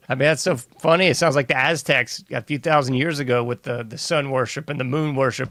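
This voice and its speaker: A man's voice: mid-range voice, fairly even intonation, fairly quick, hardly any pauses, a bit bright, no room sound. A man hosting a casual interview, laid-back and slangy, often saying man. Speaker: host.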